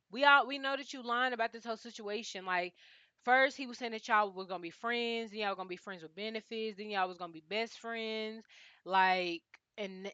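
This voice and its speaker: A woman's voice: mid-range voice, bright, forceful tone, dry recording, lo-fi sound. A woman giving a casual, profane, exasperated recap of a reality TV episode.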